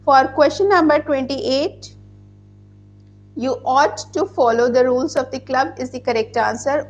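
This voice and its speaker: A woman's voice: sits high, measured pace, highs cut off, slight background noise. A woman teaching grammar in an online class. She explains patiently and spells words out letter by letter. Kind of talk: online class, reading out student answers.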